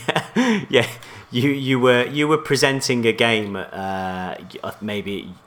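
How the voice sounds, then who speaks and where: A man's voice: medium pitch, slow pace, a bit bright. A man co-hosting a casual podcast chat, rambling through trivia and restarting his sentences. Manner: rambling, trivia-reading, self-interrupting. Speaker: podcast co-host.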